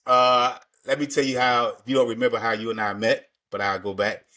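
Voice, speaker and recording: A man's voice: mid-range voice, flat delivery, fairly quick, bright, forceful tone. A male podcast host in a mid-range voice, chatting loosely with his guest. He talks in easy slang and circles back on his words while he thinks, like an old shipmate catching up. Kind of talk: casual interview chat.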